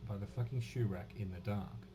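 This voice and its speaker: A man voicing a hostile, foul-mouthed young boy who gruffly talks about himself in the third person. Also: lowish voice, a little fast, noisy background, lightly acted.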